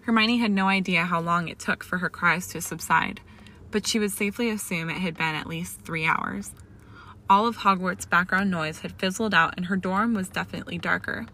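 Low, gravelly woman narrating a story. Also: moderate pace, sharp tone. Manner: reads dialogue with raised emotion, small slips and restarts. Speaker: fan fiction reader. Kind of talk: audiobook-style story narration.

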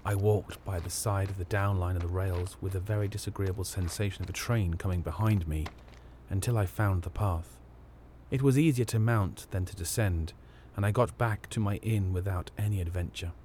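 A man narrating a classic ghost story as an audiobook, in a measured, quiet and grave way. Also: low voice, a little hiss or hum.

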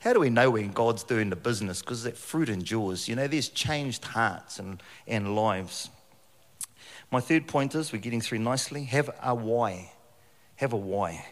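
A middle-aged New man preaching into a handheld mic, swinging between easy jokes and lively stories. His voice sits at an everyday pitch and rings out with a long reverb from the church hall. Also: moderate pace. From New Zealand. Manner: jokey, animated storytelling with frequent laughs. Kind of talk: sermon.

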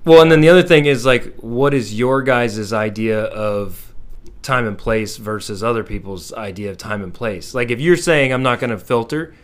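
A man and father in a casual podcast chat, telling lively stories and swearing freely. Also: medium pitch, moderate pace. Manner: animated storyteller, swears freely. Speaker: podcast co-host.

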